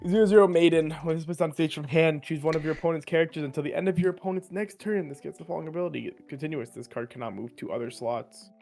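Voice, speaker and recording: A man co-hosting a card game review show, quickly reading out card text and then giving blunt opinions in casual chat. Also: fairly high pitch, creaky, mellow, soft background music. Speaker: co-host reviewing cards.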